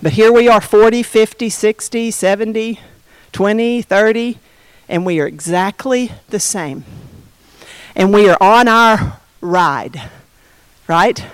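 A middle-aged woman preaching a sermon through a personal story, animated, with dramatic slowdowns and hushed emphasis. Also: medium pitch, clean tone, dry recording.

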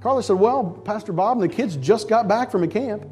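A middle-aged male pastor telling a personal story in a sermon, acting out voices and sometimes shouting with excitement. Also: high-pitched, brisk, soft background music. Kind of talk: sermon testimony.

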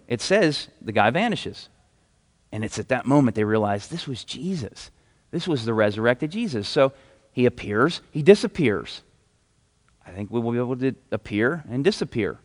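Enthusiastic preaching man in a reverberant hall. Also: medium pitch. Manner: casual and enthusiastic, reads scripture aloud. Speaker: pastor. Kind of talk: sermon.

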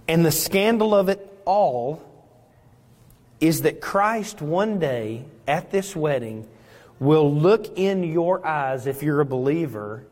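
A male pastor preaching a sermon, dramatic and swinging between loud emphasis and hushed moments. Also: a little high. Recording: long reverb in a large hall.

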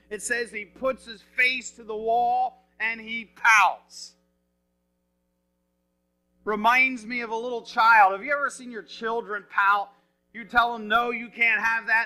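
A man's voice: very high-pitched, rough recording. A man preaching a sermon, retelling scripture in casual everyday words and asking the listeners questions. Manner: lively and expressive, asks the listeners questions.

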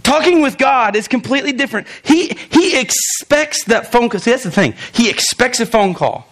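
A young man preaching a sermon, animated, joking in asides and talking straight to his listeners. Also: extremely high pitch, moderate pace. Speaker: pastor.

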